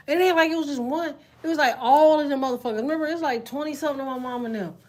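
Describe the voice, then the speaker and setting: Woman streamer, AAVE speaker, animated and profane storyteller, slightly high-pitched. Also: very fast, few pauses. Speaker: live streamer reading chat. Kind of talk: casual storytelling chat.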